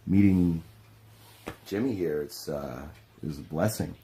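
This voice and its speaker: Very deep-voiced man, laid-back rambling. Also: unhurried, pauses often, warm tone. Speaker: pro wrestler. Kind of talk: casual testimonial.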